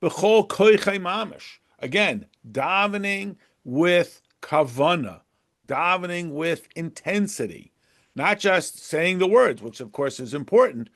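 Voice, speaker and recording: A man's voice: high-pitched, slow pace. A man teaching a Torah class in a casual, digressive way, slipping Hebrew terms in and translating them, and acting out little dialogues. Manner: chatty and digressive, with frequent restarts and asides; lively, acts out little dialogues. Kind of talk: conversational lesson.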